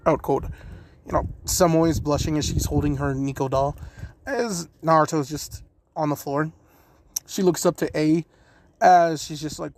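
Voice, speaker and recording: Rambling, slightly high-voiced man storyteller. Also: steady tone, normal speed, darkish tone, a little hiss or hum, rough recording. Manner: rambling, full of "you know" and swearing. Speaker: fan fiction storyteller. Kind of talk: casual improvised storytelling.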